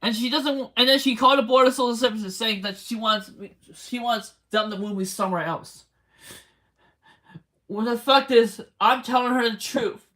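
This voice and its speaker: Brief: woman, tearful livestreamer, high bright voice, pleading and repeating herself. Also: moderate pace. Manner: pleading, repetitive questioning. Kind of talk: emotional livestream rant. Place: motel room.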